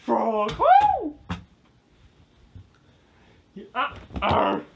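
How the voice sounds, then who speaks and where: Excitable high-voiced woman, slow and yelping. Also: heavy background noise. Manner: excitable, full of yelps and exclamations. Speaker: home video maker. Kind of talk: playful live commentary. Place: indoor room at home.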